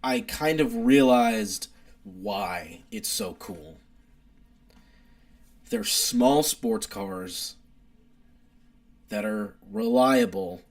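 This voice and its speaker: A young man chatting casually on a live stream with an animated, rambling delivery. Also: gravelly. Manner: animated, rambling car enthusiast, wide pitch swings.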